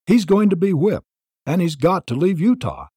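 A man voicing a jealous, stern church elder who speaks harshly and commandingly, with a husky voice. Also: sits high, very animated, moderate pace, mellow, no echo, studio quality, voice pushed up, heavily acted. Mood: domineering. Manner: harsh, commanding, clipped threats. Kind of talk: audiobook reading.

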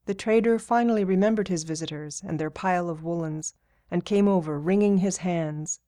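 A woman reading a novel aloud as narrator in a steady, even way. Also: on the low side, normal speed. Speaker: audiobook narrator. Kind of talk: scripted narration.

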